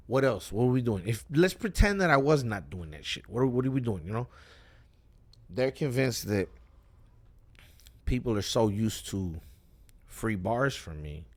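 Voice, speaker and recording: A man rapper as a guest, talking in a loose, profane, rambling way while high, often cutting himself off. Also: sing-song, normal speed, long pauses. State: high, with cotton mouth. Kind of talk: casual live-stream chat.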